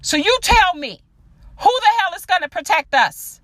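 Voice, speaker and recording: A woman's voice: very high voice, very animated, moderate pace, a bit bright, no room sound. A woman hosting her own podcast, delivering a blunt, profane opinion monologue straight to her listeners. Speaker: podcast host.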